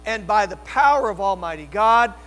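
A man preaching a sermon as pastor, telling the story dramatically, dropping to a hush and rising to loud cries. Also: sits high, expressive, moderate pace. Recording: long hall reverb, faint music and mains hum.

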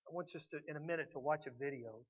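A middle-aged man preaching a sermon as pastor, swinging between loud emphatic lines and quiet reflective ones. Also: fairly high pitch, fast, breathy edge, rough recording.

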